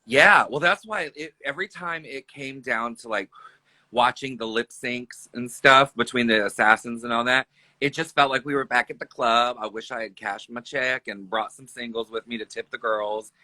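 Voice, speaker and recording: A man's voice: mid-range voice, normal speed, bright, forceful tone, dry recording, low-quality recording. A man in his thirties, a drag performer chatting casually on a livestream, joking and laughing often. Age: 30s.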